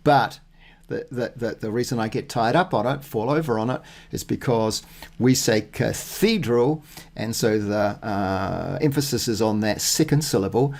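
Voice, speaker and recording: Guy talking thru his spanish notes, lots of ums and restarts, slow careful reading. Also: mid-range voice, creaky, darkish tone. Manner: thinking aloud, many fillers and restarts; reads Spanish phrases slowly and deliberately. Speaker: Spanish learner. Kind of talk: casual self-recorded practice talk.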